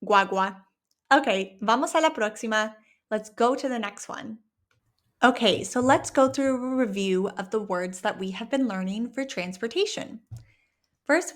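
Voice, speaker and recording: A woman's voice: fairly high pitch, a bit bright. Encouraging woman teaching a language lesson. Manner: slows down to pronounce words clearly, checks in with "okay?". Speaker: Spanish teacher.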